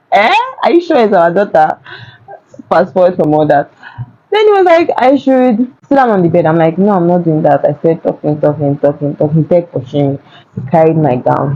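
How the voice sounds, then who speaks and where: A woman's voice: mid-range voice, muffled recording. Woman telling a dramatic story. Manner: animated retelling, repeats words for emphasis. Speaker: vlogger. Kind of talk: casual storytime. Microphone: phone.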